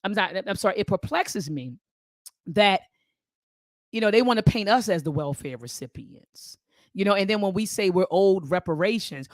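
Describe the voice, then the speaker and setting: A woman's voice: medium pitch, lively intonation, brisk, no room sound. An impassioned woman hosts a live-stream book discussion. Her voice sits in a middle range. She speaks with a rhythmic, preacher-like repetition, and the sound is dry and close, with no room around it. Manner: impassioned, preacher-like cadence, repeats phrases. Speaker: host.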